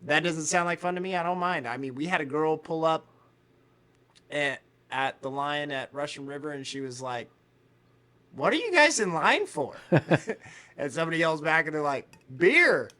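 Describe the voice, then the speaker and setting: A man co-hosting a podcast in casual chat, telling animated stories, acting out quotes and swearing freely. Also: a little high, fairly quick, clean tone. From United States. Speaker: podcast co-host.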